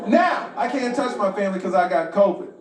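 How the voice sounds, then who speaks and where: A male stand-up comedian telling a story with animated delivery, acting out other people's voices and swearing freely. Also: sits high, brisk, crowd noise. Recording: roomy, distant and noisy.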